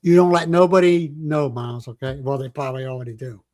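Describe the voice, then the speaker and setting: A man's voice: mid-range voice, fast, a little mellow. An older man hosting a casual livestream chat, telling rambling stories and joking with viewers. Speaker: livestream host.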